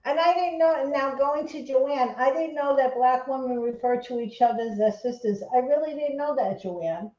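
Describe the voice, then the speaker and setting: High-voiced new york lady, middle-aged, chatty and scattered, dull echoey recording. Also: normal speed, hardly any pauses, a little mellow. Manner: chatty, laughs often, jumps between topics. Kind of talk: casual chat. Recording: echoey room, dull lo-fi sound.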